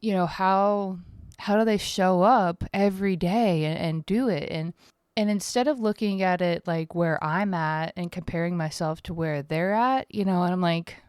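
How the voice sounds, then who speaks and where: A woman's voice: lowish voice, moderate pace, a little mellow, clear, resonant tone, dry recording, clean studio sound. A woman in her thirties hosting a casual solo podcast from home, tired, rambling and candid, swearing freely. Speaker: podcast host.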